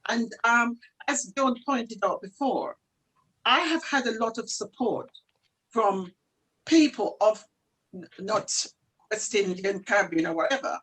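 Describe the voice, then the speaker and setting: Husky-voiced woman speaking earnestly. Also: medium pitch, measured pace, a bit bright, low-quality recording. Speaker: guest speaker. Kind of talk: webinar talk. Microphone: video call.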